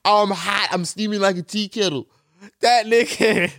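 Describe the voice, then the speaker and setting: A young man hosting a podcast, telling a story in an animated, profane, slang-heavy solo rant. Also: sits high, unhurried. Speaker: podcast host.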